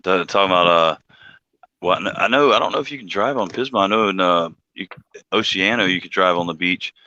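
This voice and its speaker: A laid-back man with a very deep but bright, forceful voice hosts a casual live stream and laughs easily. His voice comes through dry and a little dull. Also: a little fast, dry recording.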